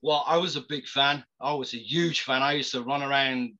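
A man's voice: mid-range voice, steady tone, moderate pace, pushed and bright, dull audio. A man, an actor, casually telling stories with frequent laughs and stumbling restarts. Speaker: actor guest. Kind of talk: casual storytelling.

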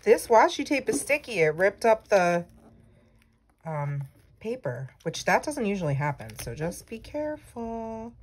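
A planner vlogger, a young woman, chats casually while decorating her planner, rambling and teasing herself along the way. Her medium-pitched voice swings widely in pitch at a measured pace, with slight background noise.

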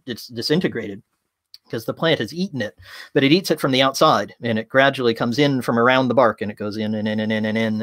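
A tech consultant gives an interactive talk from home, speaking at medium pitch with no echo. He's casual and full of fillers, telling lively stories throughout.

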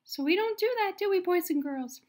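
A woman presenting a children's Sunday school lesson, talking to the kids in an exaggerated, animated way. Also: very high voice, brisk. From Canada.

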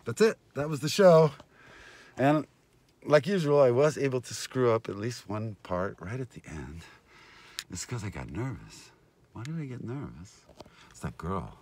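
A man rambling in a casual vlog, outdoors at a food stand, his voice swinging between loud and muttered. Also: fairly low pitch, dry recording. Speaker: vlogger. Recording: noisy street ambience.

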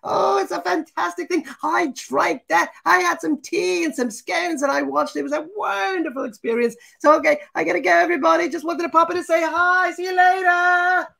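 A man putting on a chirpy high woman. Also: a little fast, creaky, few pauses, bright, forceful tone, full character voice. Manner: bubbly, sing-song greeting voice. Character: chirpy cheerful woman named Trudy, sing-song.

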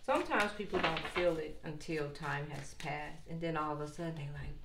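A woman's voice: deep voice, moderate pace, gravelly, few pauses. Older woman reading tarot, playful and chatty. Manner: playful, chatty, sing-song asides. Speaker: tarot reader. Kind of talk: casual tarot reading to viewers. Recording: echoey room with faint noise.

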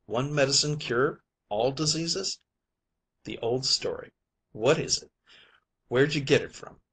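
A man's voice: mid-range voice, measured pace, fairly bright tone, husky. A man reading an audiobook, voicing a stern ship's skipper who speaks curtly and dismissively. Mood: scornful. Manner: curt, dismissive. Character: stern ship's skipper, male, middle-aged, gruff. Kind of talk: audiobook character voice.

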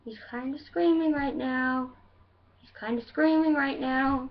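A woman doing a slow, creepy Pooh Bear. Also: high voice, steady tone. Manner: very slow, dreamy delivery. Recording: dull lo-fi sound from a distance.

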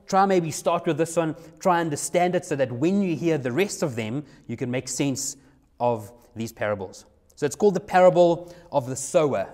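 A man's voice: on the high side, darkish tone. A young man, a youth pastor telling a personal story in a sermon, conversational and repeating himself. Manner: conversational, repeats himself, acts out his own quoted lines.

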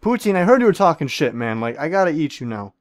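A man's voice: on the high side, big pitch swings, quick pace, dry recording, studio quality. A man giving joking, profane commentary while playing a game, talking to the other players and playing up a comic celebrity-chef persona. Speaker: gaming video creator.

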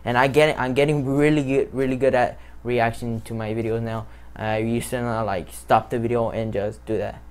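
A man hosting a reaction video, reacting casually with excitable, loud exclamations. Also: mid-range voice, normal speed, few pauses, clean tone.

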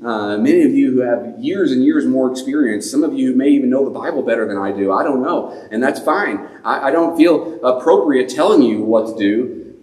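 A man's voice: medium pitch, a little mellow. Chatty man preaching in an echoey church. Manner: conversational, self-deprecating, many fillers and restarts. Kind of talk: sermon. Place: church sanctuary.

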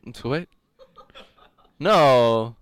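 A man's voice: mid-range voice, animated, very slow, clear, resonant tone, no echo. A young man teaching a live coding lecture, rambling and joking, laughing often. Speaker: coding instructor.

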